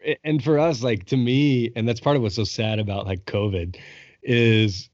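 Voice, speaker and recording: A young man hosting a podcast, telling a long story in an excited, casual way and swearing freely. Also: lowish voice, normal speed, dry recording, lo-fi sound. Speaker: podcast host. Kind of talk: casual chat.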